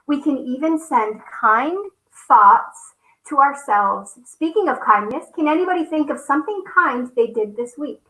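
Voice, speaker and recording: A woman's voice: high-pitched, expressive, a little slow, fairly bright tone. Miss Snowden, a kind schoolteacher, read by a woman. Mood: gentle. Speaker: storybook teacher. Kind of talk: reading a picture book aloud to children. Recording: roomy echo.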